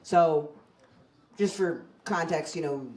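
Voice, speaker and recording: A woman in her forties performing a stand-up set on a comedy club stage into a handheld mic, with a deadpan, self-mocking delivery. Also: low-pitched, takes it slowly. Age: 40s. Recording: live club with loud crowd laughter. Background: audience laughing.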